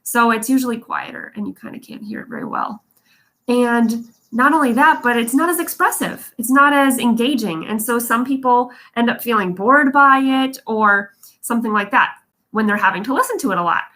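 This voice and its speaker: A young adult woman teaching voice care in a relaxed livestream, talking to viewers in a chatty, encouraging way. Her voice is bright and sits a little high. She sounds like she is speaking into a phone or webcam. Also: moderate pace. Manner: chatty, encouraging, demonstrates vocal fry. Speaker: vocal coach. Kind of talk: casual livestream lesson.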